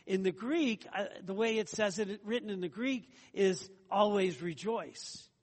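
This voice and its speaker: A man's voice: sits high, normal speed. A man preaching an earnest, conversational sermon as a pastor, often repeating phrases and adding asides. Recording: long hall reverb.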